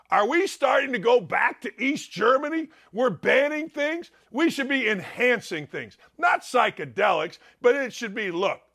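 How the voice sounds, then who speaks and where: A middle-aged man hosting a sports talk show, telling loud stories and swinging from low mutters to shouted outbursts. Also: creaky. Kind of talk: opinionated sports talk monologue.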